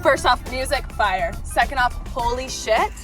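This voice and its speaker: A woman's voice: a little high, expressive, measured pace, fairly bright tone, soft background music. A woman in her thirties, just back from a workout class, chatting through a casual storytime vlog with lots of fillers. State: sweaty after a workout class. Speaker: vlogger.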